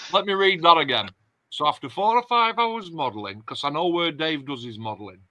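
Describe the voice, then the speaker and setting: A man's voice: a little high, expressive, a little fast, bright, forceful tone, no room sound. A man hosting a casual livestream chat and reading out viewer comments. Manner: chatty, reads out viewer comments. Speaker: host.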